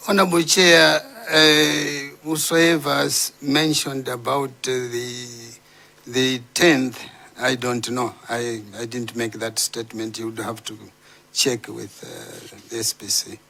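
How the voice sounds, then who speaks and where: Guy testifying to a committee, slow and careful, lots of uhs. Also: mid-range voice, little pitch movement, vocal fry, bright, forceful tone. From Malawi. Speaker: witness before a parliamentary committee. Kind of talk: formal testimony.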